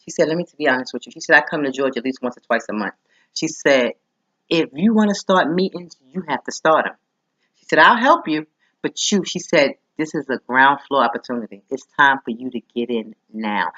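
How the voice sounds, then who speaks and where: A woman talking casually to camera in a vlog, chatty and quick, acting out what others said to her. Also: a bass voice, animated, a bit bright, lo-fi sound. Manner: chatty, fast, acts out quoted voices. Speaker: vlogger promoting a business.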